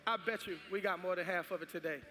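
A man leads his congregation in giving and prayer, pressing his appeals again and again. His voice sits very high and carries with long church reverb. Soft music plays beneath him. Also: quick pace. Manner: fervent, repetitive exhortation. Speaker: pastor. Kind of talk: sermon with offering and prayer. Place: large church sanctuary.

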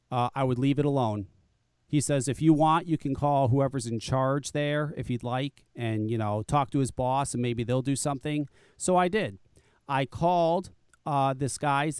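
A man's voice: fairly high pitch, a little mellow, clean tone, dry recording. A man telling a personal story in casual talk, blunt and profane, acting out the people he quotes and stumbling into repeated restarts. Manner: frequent restarts and stammered repeats. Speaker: podcast guest telling his story.

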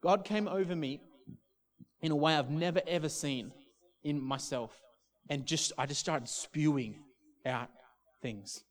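A man's voice: fairly high pitch, a little slow, pauses often. A man, a pastor preaching a sermon through a personal story, restarting and repeating words as he talks.

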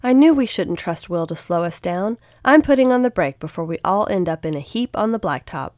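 Protective, gruff storybook rabbit, played by a woman reader, pitched a touch up, close and dry. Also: expressive, a little fast, darkish tone, no echo, lightly acted. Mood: bossy. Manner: gruff, cautious.

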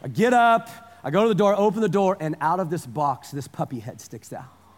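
Pastor in his forties, lighter-pitched male voice, chatty story-led sermon, big hall with long reverb. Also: animated, brisk. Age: 40s. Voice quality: conversational storytelling, repeats phrases for emphasis.

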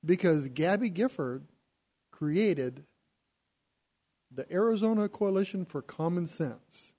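High-voiced man co-hosting. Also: lively intonation, slow, long pauses, warm tone. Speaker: co-host. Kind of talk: casual talk show banter.

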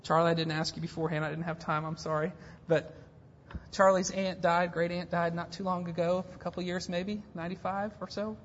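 A woman pastor in her thirties preaching a sermon, emphatic, swinging between hushed and intense passages. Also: on the low side, little pitch movement, fairly quick, slight background noise. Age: 30s. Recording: dull lo-fi church recording.

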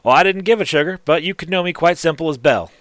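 Give me a wry, drawling gnome smith woman, as a man puts her on, pitched up and bright. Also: fast, no room sound, close to an everyday voice. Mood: teasing. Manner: drawling, calls people sugar. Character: female gnome armorer, wry and teasing.

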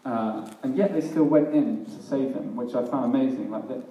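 A man's voice: mid-range voice, normal speed, lo-fi sound, a little hiss or hum. A man preaching a sermon in a casual, self-deprecating way, often laughing at himself. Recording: echoey hall, mic at a distance.

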